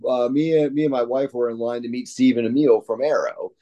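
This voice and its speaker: A man with a mellow, middle-pitched voice talks casually and at length, piling up fillers like "uh" and "like." He sounds like an eager fan sharing stories. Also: fairly even intonation, brisk, lo-fi sound. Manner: rambling, filler-heavy, enthusiastic fan talk. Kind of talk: casual chat.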